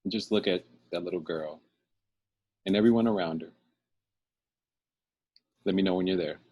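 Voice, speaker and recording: A man hosting a talk show, guiding a guest through a calm, soothing visualization exercise. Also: low-pitched, normal speed, breathy edge, dull audio. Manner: calm, soothing, laughs often. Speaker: host guiding a fear-release exercise. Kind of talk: slow guided visualization.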